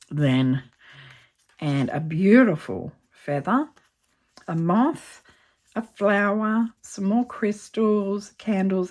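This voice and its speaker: A budgeting channel host, this woman has an Australian accent and a medium-pitched, somewhat dark voice. She chats casually in a vlog while opening mail, gushing and easily moved.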